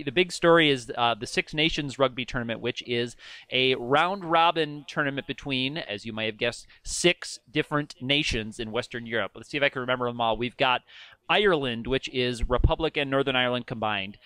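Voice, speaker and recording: A man's voice: medium pitch, sharp tone, smooth, no echo. A man from the American Midwest who lives abroad, co-hosting a casual podcast chat and slipping into quoted voices. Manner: chatty, mimics people in quoted voices. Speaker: podcast co-host living in Ireland.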